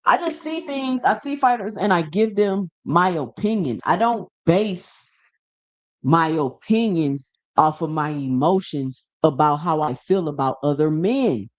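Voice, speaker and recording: A man's voice: fairly high pitch, expressive, measured pace. A man hosting a boxing show, ranting casually and emphatically to camera, firing off rhetorical questions and repeating himself. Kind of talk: casual opinion rant to camera.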